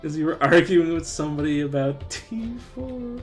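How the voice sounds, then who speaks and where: A man's voice: on the high side, animated, moderate pace, music in the background. A man streaming live, chatting casually, often breaking into laughter and restarting his sentences.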